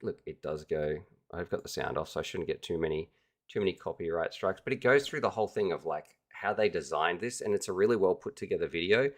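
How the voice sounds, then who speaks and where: Low-voiced man hosting a livestream. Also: a bit bright. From Australia. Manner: enthusiastic, chatty, addresses viewers directly. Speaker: livestream host. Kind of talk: casual livestream chat.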